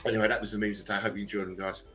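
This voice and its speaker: A man's voice: on the low side, flat delivery, racing, a bit bright, faint music behind, rough recording. A man hosting a casual livestream chat, laughing often, coughing and cracking crude jokes. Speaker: livestream host.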